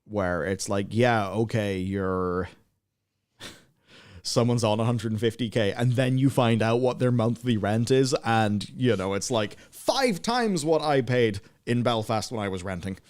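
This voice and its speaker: A man's voice: on the low side, lively intonation, a little slow, a little mellow. A man, co-hosting a livestream in casual, rambling, sardonic chat full of fillers. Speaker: livestream co-host.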